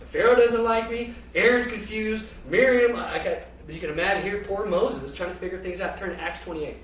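A high-pitched man delivers a lively sermon, laughing and challenging his congregation with questions. His voice rings through a very echoey church hall, caught from a distance on a dull mic with faint background noise. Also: brisk. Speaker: preacher.

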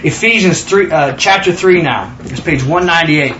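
A man leading a Bible study, excitable and emphatic, prompting his listeners to answer and repeat after him. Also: a little high, moderate pace, roomy sound, highs cut off, a little hiss or hum. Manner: excitable, emphatic, calls for responses.

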